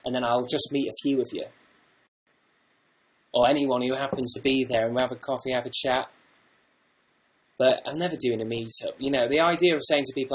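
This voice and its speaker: A young man chatting on a livestream from home in a mid-pitched voice. He reads out viewer questions and answers with rambling, self-deprecating jokes and quick asides. His delivery is loose and conversational. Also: steady tone, rough recording. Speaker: livestream host. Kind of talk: casual livestream chat, reading viewer comments.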